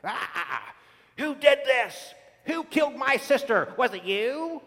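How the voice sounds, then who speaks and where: A man voicing a furious wicked witch woman who shouts her demands, as a preacher acts out a story. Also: very high-pitched, very animated, takes it slowly, gravelly, big-room sound, pitched above the performer's own voice, exaggerated voice.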